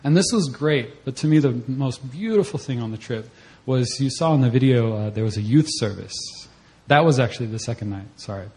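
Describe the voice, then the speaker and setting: A young man giving a personal testimony at a church service, telling the story in a conversational way and acting out his own reactions in a voice that jumps up high. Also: expressive, fairly quick, mellow. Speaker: church member giving a mission-trip testimony.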